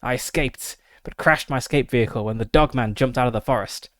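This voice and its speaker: A man's voice: mid-range voice, a little fast, fairly bright tone, dry recording, clean studio sound, natural voice. A man voicing a desperate, handcuffed male FBI agent who begs for help in an American accent. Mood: desperate pleading. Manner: frantic, pleading.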